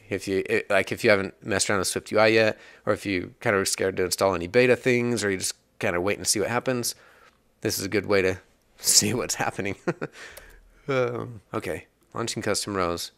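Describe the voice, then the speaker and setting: A man's voice: lowish voice, fairly even intonation, a little fast, gravelly, a bit bright, dry recording. A man hosting a casual coding tutorial, chatting and rambling as he works, laughing at bugs along the way. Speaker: iOS developer tutorial host.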